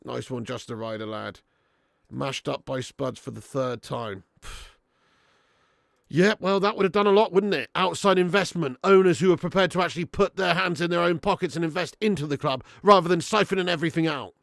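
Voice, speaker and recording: Gravelly sweary man ranting about football. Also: fairly high pitch, fairly quick, no room sound, clean studio sound. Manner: sweary, blunt, bursts into loud rants. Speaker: watch-along host reading live chat. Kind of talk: casual live-stream chat.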